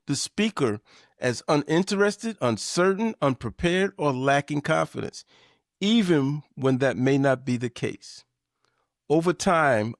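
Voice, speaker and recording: A man hosting a business lesson, delivering a scripted talk with measured, emphatic shifts in inflection. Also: medium pitch, no room sound, studio quality. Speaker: podcast host.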